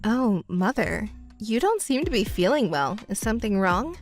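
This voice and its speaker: A woman voicing a cool-headed young stepdaughter who speaks calmly and coldly in a texting story. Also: medium pitch, normal speed, soft background music, pitched below the performer's own voice. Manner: calm, cold and matter-of-fact.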